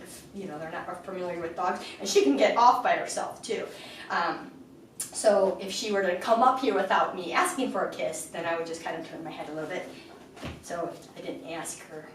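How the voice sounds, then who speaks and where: A woman dog trainer explaining a lesson calmly, breaking into high-pitched praise for her puppy. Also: slight background noise. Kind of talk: instructional explanation. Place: indoors, sitting on the floor. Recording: very echoey room, voice far from the mic.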